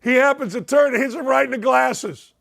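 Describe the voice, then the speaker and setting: High-voiced, excitable sports talk host. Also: male voice, fairly quick, creaky. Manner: excitable, rambling storyteller who repeats himself. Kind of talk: sports talk show storytelling.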